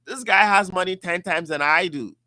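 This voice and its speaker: A man's voice: high-pitched, normal speed. A man hosting a casual talk show, telling stories with animation and acting out the voices of others. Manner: animated storyteller, acts out voices. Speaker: show host. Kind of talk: casual podcast chat.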